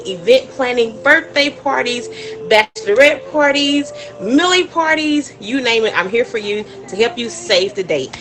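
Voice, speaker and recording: Chatty woman host, bubbly and animated, talking to her live-stream viewers. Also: fairly high pitch. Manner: bubbly, chatty, laughs often. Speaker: wedding planner hosting a live stream.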